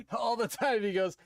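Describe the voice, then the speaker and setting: A man's voice: extremely high pitch, husky. A young man streaming live, chatting casually in a rambling, profane way and laughing often. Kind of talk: casual chat while streaming a game.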